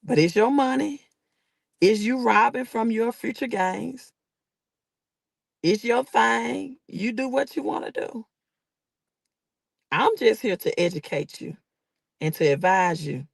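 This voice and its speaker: A woman's voice: fairly high pitch, slow, gravelly, long pauses, dry recording. A middle-aged woman with a Southern accent, hosting a live stream on a phone and giving emphatic, preachy financial advice straight to her viewers. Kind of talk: casual livestream talk.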